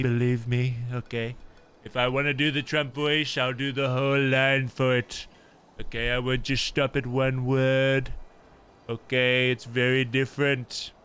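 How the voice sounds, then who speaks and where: A man's voice: medium pitch, fairly even intonation, a little slow, pushed and bright, clean tone. A man streaming and chatting casually with his viewers, rambling with plenty of swearing and fillers.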